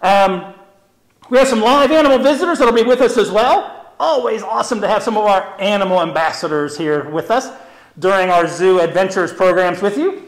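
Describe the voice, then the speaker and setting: A man teaching on a live zoo stream, his voice high and swinging widely in pitch as he chats and explains. He sounds upbeat and talkative, in an echoey room. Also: lively intonation, brisk. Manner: chatty, upbeat, explains with memory tricks. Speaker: zoo educator, program host.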